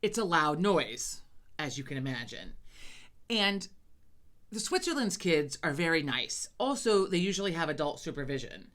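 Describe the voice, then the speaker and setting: Low-pitched, foul-mouthed woman chatting. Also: normal speed. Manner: swears a lot, animated storytelling. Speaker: podcast co-host. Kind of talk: casual chat.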